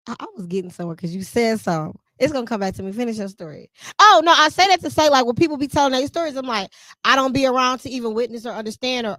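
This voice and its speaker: Animated woman podcast host, dry close sound. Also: fairly high pitch, no echo. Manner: animated, emphatic, laughs often, speaks in vernacular. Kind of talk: casual conversational chat.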